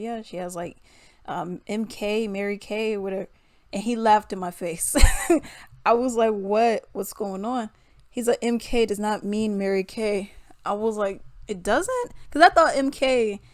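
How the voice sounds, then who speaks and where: A woman's voice: medium pitch, dry recording, studio quality. A young adult woman vlogger telling a casual story to her viewers, chatty and laughing often. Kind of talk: casual storytime and reaction commentary.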